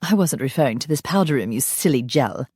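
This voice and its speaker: A woman reads as a haughty vampire club owner with a snooty British accent, looking down on everyone. Her delivery is crisp and superior in a dry audiobook reading. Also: low voice, expressive, brisk, darkish tone, no echo.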